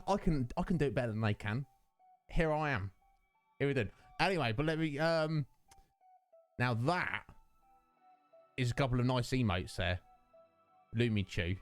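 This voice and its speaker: A man hosting a live game stream, his mid-pitched voice swinging freely up and down as he talks. He chats fondly with his viewers and rambles loosely from one thought to the next. Soft game music plays faintly underneath. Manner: affectionate, rambling, chatting with viewers. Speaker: Twitch streamer.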